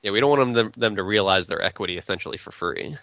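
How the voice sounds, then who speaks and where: A man's voice: on the low side, fast, gravelly, a bit bright, no room sound, dull audio. A man co-hosting a casual poker podcast, joking and laughing a lot. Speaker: podcast co-host.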